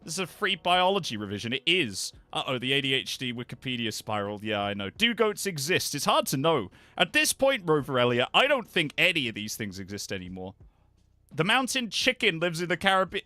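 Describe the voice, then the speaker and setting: A man's voice: on the high side, sing-song, brisk, pushed and bright, no room sound. A man live-streaming and chatting casually with his viewers, animatedly reading web pages aloud with offhand asides.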